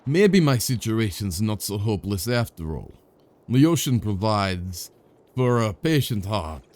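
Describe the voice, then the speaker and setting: A man's voice: fairly low pitch, sing-song, a little slow, a little mellow. Man voicing a wistful villager, lilting put-on accent. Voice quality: vague put-on foreign accent, dreamy lilt.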